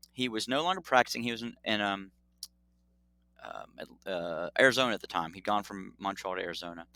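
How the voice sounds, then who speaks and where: A middle-aged man, a doctor, telling a story in a casual interview, animated and acting out dialogue. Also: mid-range voice, no room sound. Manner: animated, acts out dialogue, laughs often. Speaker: pediatric urologist guest.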